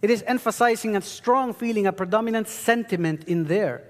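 A man's voice: high voice, fairly quick. A man preaching a sermon, teaching earnestly and rising into emphatic bursts. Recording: long hall reverb.

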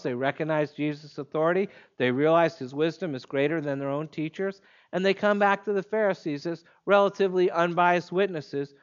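A man preaching an expository sermon in a measured, emphatic way, leaning on pointed pauses. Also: on the high side, dull audio.

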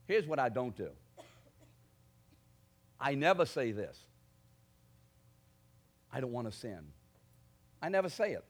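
A man preaching a sermon, asking his congregation direct questions and building to forceful declarations. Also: medium pitch, big pitch swings, slow, long pauses. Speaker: pastor.

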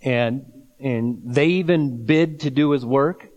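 Slow, emphatic male preacher. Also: mid-range voice, a little mellow, in a large hall, lo-fi sound. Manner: reads scripture aloud with asides. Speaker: pastor. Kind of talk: sermon.

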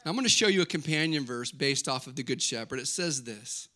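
A man's voice: mid-range voice, fairly quick. A man preaching a sermon to a congregation, telling stories with humor and reading scripture with rising emphasis. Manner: animated, joking storytelling preacher. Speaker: pastor.

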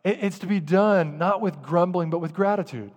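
A man preaching a sermon as pastor, lively and direct, sometimes acting out muttered grumbling. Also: high voice, normal speed, in a large hall. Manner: animated, acts out grumbling voices.

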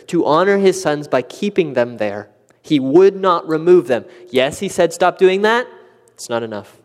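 A man preaches, his fairly high voice climbing as he acts out the questions he quotes. His delivery is animated and earnest, pressing each point home. The sound carries a long, ringing reverb from a large sanctuary. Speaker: pastor. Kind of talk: sermon.

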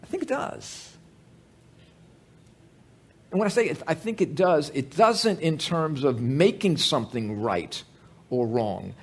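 Male pastor, high husky voice, very lively pitch, conversational sermon with jokes. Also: measured pace, long pauses. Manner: conversational and animated, with frequent restarts and humorous asides.

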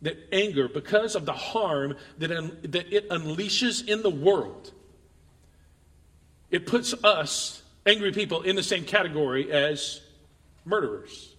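A man's voice: fairly high pitch, lively intonation, measured pace, fairly bright tone, in a large hall. A male pastor preaching a conversational sermon to his congregation in church, often restarting and repeating words as he talks directly to them. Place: church sanctuary.

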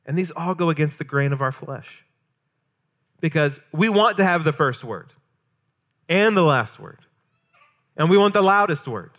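Man preaching, pastor, fairly high voice, conversational, asks rhetorical questions. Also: expressive, moderate pace, long pauses, fairly bright tone. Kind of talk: sermon.

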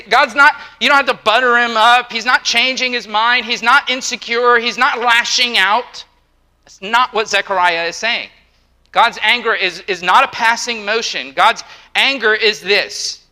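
A middle-aged man preaching a sermon, emphatic and repeating himself, with quick acted-out asides. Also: very high voice, pushed and bright, low-quality recording. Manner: emphatic, repeats words, acts out quotes. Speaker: pastor.

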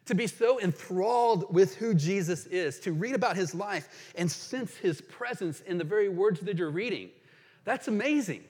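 Pastor guy preaching, kinda high voice, earnest and emphatic, big echoey church hall. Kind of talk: sermon. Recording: long hall reverb.

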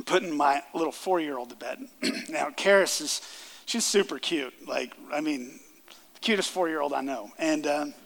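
A man in his thirties preaching a sermon, earnest, rising loud on key lines and dropping soft. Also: on the high side, gravelly. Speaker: pastor. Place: church sanctuary. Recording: long hall reverb.

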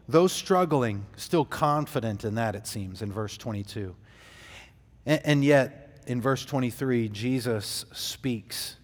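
Man, pastor, sermon, unhurried delivery, long hall reverb. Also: mid-range voice. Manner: measured preaching with fillers and restarts.

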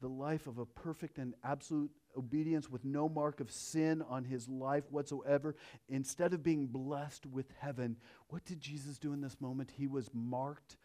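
A pastor preaching a sermon, earnest, dropping to hushed phrases and rising to emphatic ones. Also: male voice, mid-range voice.

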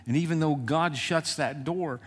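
A man preaching a sermon as pastor, speaking in a personal, emotional way with frequent halting restarts. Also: a little high, breathy edge, in a large hall.

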